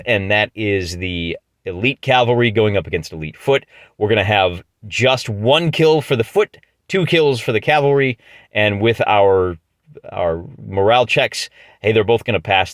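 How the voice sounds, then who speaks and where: A man's voice: on the low side, fairly bright tone, no room sound. A middle-aged man with a Midwestern American accent, chatting his way through a solo tabletop battle with jokes and restarts. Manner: chatty, jokey, often restarts mid-phrase. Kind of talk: casual play-by-play narration of a tabletop game.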